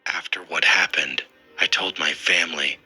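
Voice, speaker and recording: A man narrating a scary first-person story in a steady, scripted way. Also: very deep voice, moderate pace, slightly rough, soft background music, low-quality recording.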